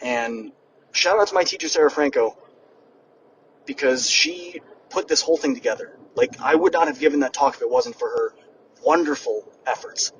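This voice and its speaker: A young man hosting a podcast and giving a lively motivational monologue, speaking straight to his listeners. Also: fairly high pitch, normal speed. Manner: energetic, addresses listeners directly. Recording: distant mic with background noise, poor audio.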